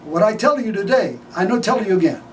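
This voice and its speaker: Stern, proud old immigrant father, as his son puts him on, broken English, solemn and emphatic, high lively voice, heard from a distance with faint background noise. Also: fairly quick.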